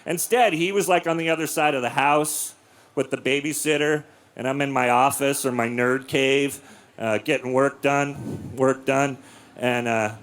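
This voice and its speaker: A man in his forties doing a crude, deadpan stand-up set in a comedy club, acting out quotes in silly voices. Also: mid-range voice, a little slow. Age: 40s. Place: comedy club with a live audience.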